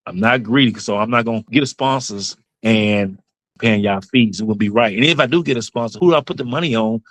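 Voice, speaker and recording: A man's voice: on the low side, brisk, dry recording, poor audio. A man, a basketball club owner and coach telling his story in an interview, earnest and emotional, going over points again and again.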